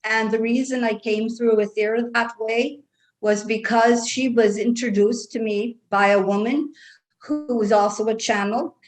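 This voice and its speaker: A woman speaking as a trance channel with an Irish brogue, talking slowly and soothingly for a group of guides. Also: fairly high pitch, fairly even intonation, low-quality recording.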